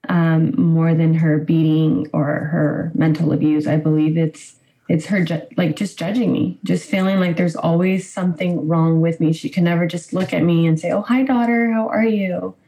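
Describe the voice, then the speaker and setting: A woman guest telling a counselor about her family, speaking haltingly with many fillers. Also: low voice, level tone, dark tone, poor audio. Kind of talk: personal account in conversation.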